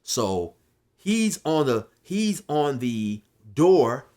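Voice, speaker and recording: A man's voice: medium pitch, big pitch swings, extremely slow. A man casually telling a long prison story, rambling with restarts and fillers. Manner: loose, rambling, restarts, shouts when quoting others. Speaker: storyteller recounting prison life.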